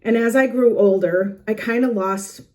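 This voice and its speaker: A woman's voice: on the high side, moderate pace, dark tone. A middle-aged woman hosting her own journaling channel, talking earnestly to the camera in her planner room at home, chatty, with small laughs and restarts. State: a little out of breath. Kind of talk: casual heartfelt talk to camera. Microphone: camera facing her.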